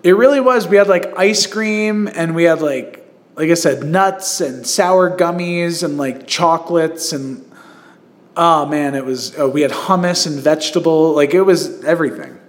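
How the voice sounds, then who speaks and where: A man chats casually on a podcast, his voice sitting a little high for a man. He rambles through his stories with plenty of fillers and restarts, laughing as he goes. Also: normal speed. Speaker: podcast host. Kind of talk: casual chat.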